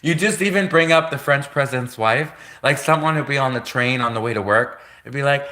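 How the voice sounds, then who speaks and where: Bright-voiced Canadian man rambling live. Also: mid-range voice, a little fast, few pauses. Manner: repetitive, laughing often, casual filler-heavy. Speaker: livestream host.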